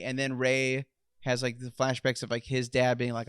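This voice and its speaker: A young adult man co-hosting a casual podcast chat, animated and excitable, swearing freely. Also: medium pitch, brisk, smooth, no echo, studio quality. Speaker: podcast co-host.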